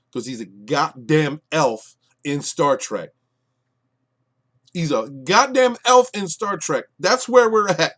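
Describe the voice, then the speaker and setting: A man giving an exasperated review of a TV show, with lots of fillers and restarts, dropping to low mutters and then bursting out loud. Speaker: podcast reviewer. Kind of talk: ranting review commentary.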